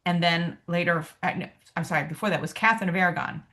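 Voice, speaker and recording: A woman's voice: on the low side, quick pace, bright, forceful tone. A woman co-hosting a podcast, telling a story in a chatty way with plenty of ums and asides. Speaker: podcast co-host. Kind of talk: casual chat.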